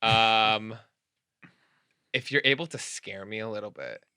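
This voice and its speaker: A man's voice: fairly low pitch, measured pace, bright, forceful tone, smooth, dry recording. A young man hosting a podcast in a studio, explaining a party game, laughing often and swearing playfully. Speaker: podcast host. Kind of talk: casual chat.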